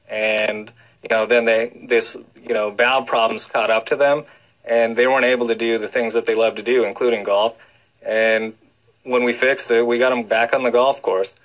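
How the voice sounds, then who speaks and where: A man explains things with eager energy as a radio guest. His speech is loose and full of filler words. The pitch sits in an ordinary middle range for a man. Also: fairly bright tone, poor audio. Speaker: cardiologist guest. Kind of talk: radio interview.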